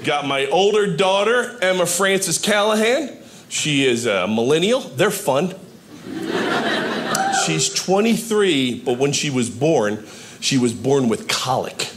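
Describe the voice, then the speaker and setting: A man performing a stand-up set, telling stories deadpan with punchlines, recorded live. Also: fairly high pitch, slow pace. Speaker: stand-up comedian. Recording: live club with ambient noise.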